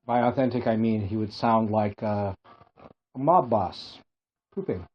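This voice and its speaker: A man's voice: on the low side, unhurried. A man from Hawaii co-hosting a podcast, telling rambling comic stories in casual chat and laughing at his own jokes. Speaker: podcast co-host. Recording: dull lo-fi podcast audio with faint music.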